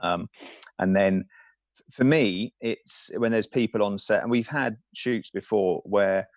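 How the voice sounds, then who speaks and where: A man's voice: on the low side, measured pace, no room sound. A man, a film safety supervisor, talking as a podcast guest in loose, rambling anecdotes with many fillers. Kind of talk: casual podcast interview.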